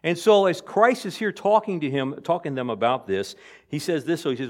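Man preaching, loud to hushed. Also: a little high, lively intonation, a little fast. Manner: conversational preaching that swings between loud emphasis and quiet asides. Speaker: pastor. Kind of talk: sermon.

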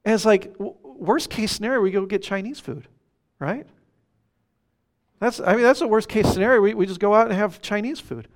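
A man's voice: high voice, normal speed. A man preaching a sermon, telling a personal story and acting out the quotes with animation. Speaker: pastor.

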